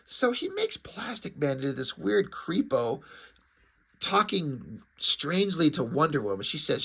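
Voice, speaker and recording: A man's voice: fairly high pitch, huge pitch swings, a little slow, vocal fry, bright, forceful tone, breathy edge. A man giving a casual, rambling spoken review of a comic book, with lots of filler words. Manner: rambling, uses lots of "like" and "you know".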